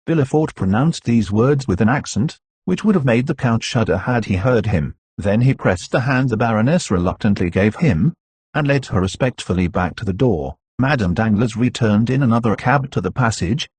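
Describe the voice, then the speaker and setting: A man narrating a classic novel as an audiobook in a measured, steady reading. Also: medium pitch, breathy edge, no room sound. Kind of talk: scripted narration.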